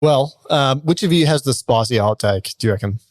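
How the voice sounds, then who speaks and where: A man's voice: mid-range voice, animated, brisk, no room sound. Aussie guy ranting about stuff, jokey, blunt, dead dry mic. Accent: Australian. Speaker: podcast host. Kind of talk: casual chat.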